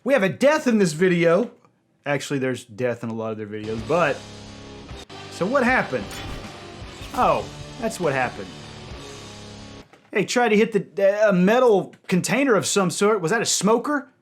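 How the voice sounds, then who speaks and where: A man hosting a music video reaction, talking to his audience and breaking into loud cries of dismay and delight. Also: sits high, sing-song, normal speed, pauses often. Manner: addresses audience as ladies and gentlemen.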